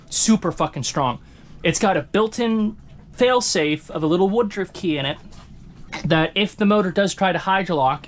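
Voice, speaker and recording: A man's voice: fairly high pitch, slight background noise. A man giving a casual, profane and rambling walkthrough of the repairs on his sailboat, speaking from inside the cabin. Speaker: boat owner showing repairs.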